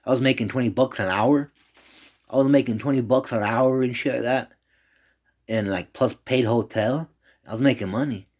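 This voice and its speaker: A man's voice: medium pitch, normal speed, a little mellow. A man rambling in a loose, profane monologue, jumping from one complaint to the next.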